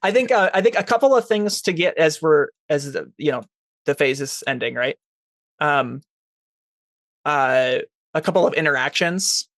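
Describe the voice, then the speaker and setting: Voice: mid-range voice, animated, moderate pace, fairly bright tone, no echo. Game master, hesitant, lots of fillers, casual, dry sound. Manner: hesitant, many fillers and restarts. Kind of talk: narrating a tabletop game.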